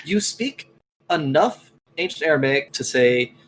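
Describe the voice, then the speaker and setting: A man narrating a tabletop game as game master, calmly describing scenes. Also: a little high, measured pace, a little hiss or hum, rough recording.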